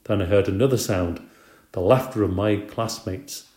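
A man narrating a children's story in a steady storytelling way. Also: lowish voice, moderate pace. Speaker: audiobook reader. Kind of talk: scripted narration. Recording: roomy echo.

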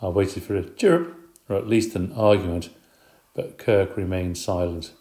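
A man narrates a children's storybook, lively and expressive in his delivery. His voice sits somewhat low. The reading echoes in a roomy space. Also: unhurried.

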